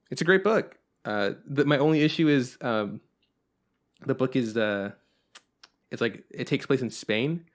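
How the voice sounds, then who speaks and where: Young male podcast co-host, loose and rambling, swears freely, middle-pitched voice. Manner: rambling and profane, with frequent fillers. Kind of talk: casual chat.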